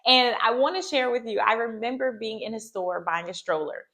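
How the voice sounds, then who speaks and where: A woman's voice: a little high, fairly quick, sharp tone. A woman speaking as a therapist and mother, giving earnest, reassuring advice to camera and often checking in with "okay?". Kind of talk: heartfelt talk to camera.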